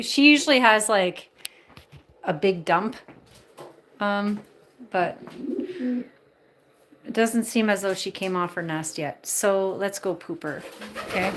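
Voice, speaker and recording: Female vlogger, unhurried, casual home chat with cooing pet talk. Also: fairly bright tone, slight background noise. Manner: coos in high baby talk to her birds. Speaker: pet bird keeper and vlogger. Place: indoors at home among plants and birds.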